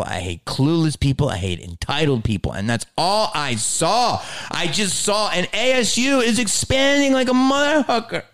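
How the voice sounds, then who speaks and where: A man delivering a heated, profane ranting monologue, swinging between low growls and high outbursts. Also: expressive, normal speed, few pauses, a bit bright.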